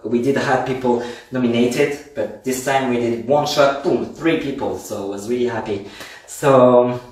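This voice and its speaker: Man, French accent, line dance instructor, chatty, counts steps aloud, echoey room, distant mic. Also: mid-range voice. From France. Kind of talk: live-streamed dance class. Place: at home. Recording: roomy echo, mic at a distance.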